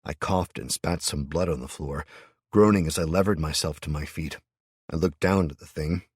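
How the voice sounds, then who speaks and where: A man with a deep, husky voice narrates a first-person audiobook. His delivery is gruff and muttering, but his pitch moves a lot from line to line. The recording is dry and close. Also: no room sound.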